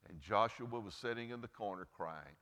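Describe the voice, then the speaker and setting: A male pastor delivers an earnest sermon, his fairly low voice climbing and falling back for emphasis. The sound carries a long reverb from the church hall around him. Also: animated, moderate pace, bright, forceful tone. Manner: earnest preaching, pitch and volume rising and falling for emphasis. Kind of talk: Mother's Day sermon and closing prayer. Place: church sanctuary.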